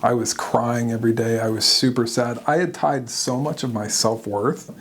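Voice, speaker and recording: A man speaking as an interview guest, candid and animated, often laughing at himself as he tells his own story. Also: medium pitch, normal speed, a little hiss or hum.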